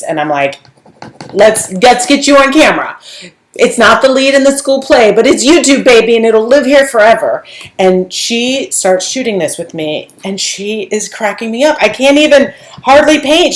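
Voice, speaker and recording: A middle-aged woman rambling through a story in casual chat while she paints furniture, with lots of restarts. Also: lowish voice. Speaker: furniture painting tutor and shop owner. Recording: echoey room with faint noise.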